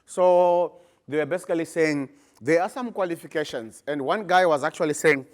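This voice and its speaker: A middle-aged man with a Zimbabwean accent gives a conference research talk, emphatic and animated, his voice rising in bursts as he makes his points. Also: a little high, normal speed. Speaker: research presenter.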